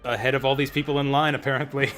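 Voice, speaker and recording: This is casual let's-play commentary from a man streaming an old role-playing game, who reads the on-screen text aloud and adds his own asides. He speaks at a quick pace in a medium pitch that barely moves, with a slightly bright tone. Faint game music plays underneath.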